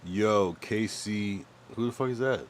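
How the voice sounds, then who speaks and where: A man's voice: lowish voice, a little slow, slight background noise. A young man streaming live, chatting casually and rambling with profanity while he thinks aloud. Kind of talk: casual livestream chat.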